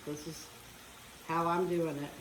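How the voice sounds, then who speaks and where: A woman's voice: low voice, level tone, a little slow, slight background noise. A woman talking casually as she cooks at home, chatting her way through each step. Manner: chatty, talks while cooking. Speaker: home cook. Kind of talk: casual cooking demonstration. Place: home kitchen. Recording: echoey kitchen with frying sizzle.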